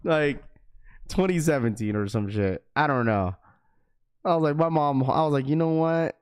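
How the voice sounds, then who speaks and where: A man's voice: a little high, lively intonation, moderate pace, smooth, dry recording, clean studio sound. A young man of Filipino heritage hosting a casual livestream, loose and slangy, joking and laughing with his chat. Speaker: livestream host.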